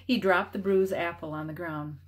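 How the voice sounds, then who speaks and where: A woman reading a children's novel aloud, expressive and varied in her delivery. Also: on the low side, normal speed. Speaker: storybook reader.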